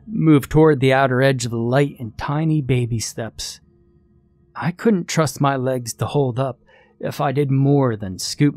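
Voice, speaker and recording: A man of middle pitch telling a ghost story, with measured, suspenseful pacing. His voice sits close and dry, with no room sound around it. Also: a little mellow, no room sound. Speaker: narrator. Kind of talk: scripted horror story narration.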